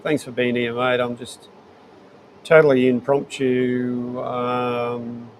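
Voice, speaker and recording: A man's voice: mid-range voice, monotone, slow, a little hiss or hum, low-quality recording. A middle-aged Australian man casually chatting to viewers on a live stream from his shed, rambling and easygoing while he fiddles with his setup. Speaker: livestream host. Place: home shed.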